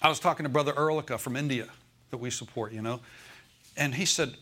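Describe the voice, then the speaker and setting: Speaking fast with a bright, forceful, medium-pitched voice, a male pastor from the United States preaches to his congregation in the church sanctuary. He is emphatic, repeats key phrases, and asks listeners if they follow.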